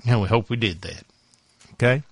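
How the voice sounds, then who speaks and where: A man's voice: mid-range voice, normal speed, no room sound. A man with a Southern accent hosting a morning radio show in a folksy, rambling chat. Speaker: radio host.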